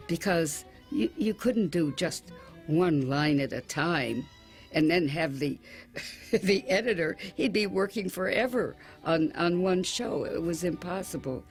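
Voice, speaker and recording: An older woman, a voice actress, recalling her career in a documentary interview. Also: lowish voice. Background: music.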